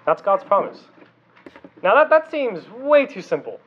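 A man's voice: high voice, sing-song, unhurried, breathy edge, dull audio. A man preaching a casual, conversational youth sermon, often asking the audience questions. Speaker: youth pastor.

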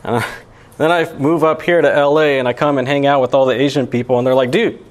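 A man's voice: mid-range voice, steady tone, quick pace. A young man giving a sermon as pastor, talking in a casual, conversational way with lots of "you know" and "right". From Alabama.

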